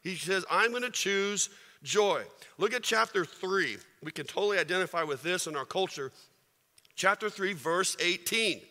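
Man, pastor, conversational sermon, rhetorical questions, very bright tone, long church reverb. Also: sits high, normal speed. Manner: conversational, rhetorical questions, rises to forceful preaching. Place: church sanctuary. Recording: reverberant hall.

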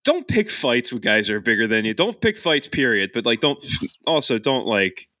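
A man with a bright, forceful voice and a pitch that jumps around a lot, chatting on a podcast. He rambles through plenty of fillers and breaks into laughter often. The sound is dry and close, with no room around it. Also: very animated, moderate pace, no echo. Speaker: podcast co-host. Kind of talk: casual chat.

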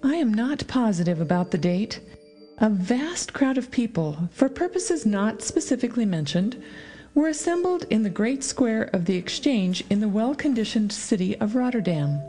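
A woman narrating a story aloud in an expressive reading style, with dramatic pauses. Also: a little high. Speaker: audiobook reader. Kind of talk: scripted narration.

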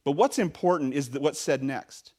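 A male pastor preaching a sermon in a conversational, animated way, with frequent fillers and restarts. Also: on the high side, normal speed, husky.

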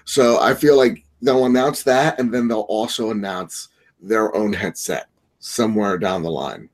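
A man's voice: on the low side, measured pace. A man co-hosting a gaming podcast who talks casually, rambling and opinionated, with lots of filler words and restarts. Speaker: podcast co-host. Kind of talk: casual chat.

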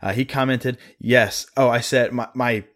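A man's voice: mid-range voice, fairly even intonation, a little slow, a bit bright. A young adult man co-hosting a podcast, chatting casually and acting out quoted coworkers as he tells stories. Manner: storytelling, acts out quoted coworkers. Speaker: podcast co-host. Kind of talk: casual chat.

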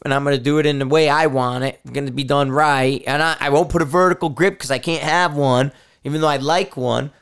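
Male podcast host, middle-aged, rambling frustrated rant, salty language, clear resonant tone. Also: fairly high pitch, fairly bright tone. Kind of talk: casual solo rant.

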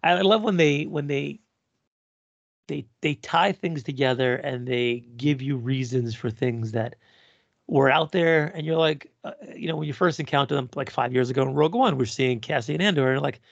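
A man with a gravelly, husky voice rambles through a casual podcast chat, swearing freely. The sound is dry and a little dull, with no room around it. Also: medium pitch, moderate pace, no echo. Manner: profane, rambling, laughs often. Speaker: podcast co-host. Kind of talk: casual chat reviewing a TV episode.

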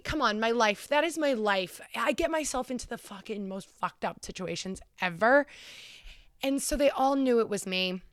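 A woman's voice: a little high, fairly bright tone, clean tone, dry recording, studio quality. Profane young woman telling a story. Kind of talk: casual storytelling chat.

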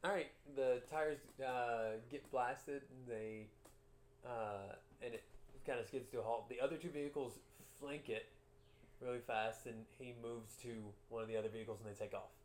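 A man's voice: medium pitch, fairly even intonation, moderate pace. A young adult man narrating a tabletop game as game master, hesitant and full of fillers while he improvises. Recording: echoey room with faint hiss.

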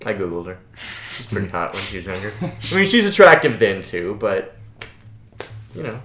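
A man chatting casually about a movie in a chatty, animated way. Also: lowish voice, moderate pace, roomy sound.

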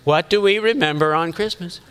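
A middle-aged pastor preaches a sermon in a high, bright voice at a fairly quick pace. He stays conversational, teasing his listeners and acting out the thoughts people have, with a lively, personal delivery.

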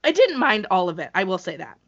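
A woman co-hosting a casual wrestling chat, excitable and laughing often, with animated asides. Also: medium pitch, fast, dull audio. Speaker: co-host.

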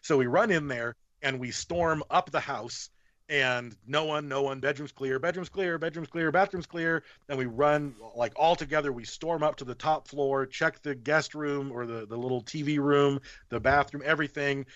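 A man's voice: mid-range voice, moderate pace, no room sound. A man, a podcast guest, telling a story in casual chat, swearing freely and acting out what other people said. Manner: animated, profane, acts out other people's lines. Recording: slightly muffled podcast audio.

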